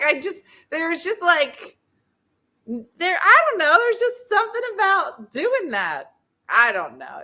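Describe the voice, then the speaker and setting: A woman with a voice on the high side hosts a show, telling a comic story in a casual, animated manner. She acts out the voices of the people in the story.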